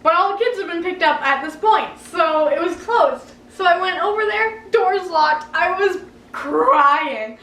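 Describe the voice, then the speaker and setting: A young woman, recounting a childhood story with lively drama and frequent laughter. Her voice sits very high. She is recorded at home in a roomy space, a little away from the mic. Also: measured pace, recorded from a distance. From Canada. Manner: animated, dramatic, laughing often. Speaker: vlogger. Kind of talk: story-time vlog. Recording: roomy room, a bit off mic.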